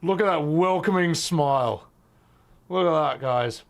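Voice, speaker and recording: A young adult man who streams games chats casually with his audience, his voice on the high side and a little slow. He also coos at his cat in affectionate baby talk.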